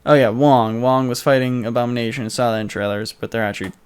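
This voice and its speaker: A young man co-hosting a podcast, casually retelling a movie in a rambling, jokey way with quick mock voices. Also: mid-range voice, fairly even intonation, clear, resonant tone. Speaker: podcast co-host. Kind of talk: casual movie recap chat.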